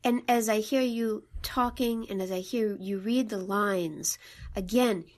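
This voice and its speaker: A woman's voice: mid-range voice, unhurried, darkish tone. A woman co-hosting a podcast, explaining a poem's rhythm with enthusiasm. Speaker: podcast co-host. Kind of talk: casual poetry discussion.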